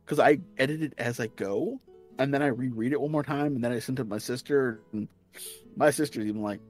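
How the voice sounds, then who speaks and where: A man's voice: medium pitch, a little fast, darkish tone. Man, slight Southern US accent, casual rambling chat, restarts, swearing, faint background music. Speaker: stream guest.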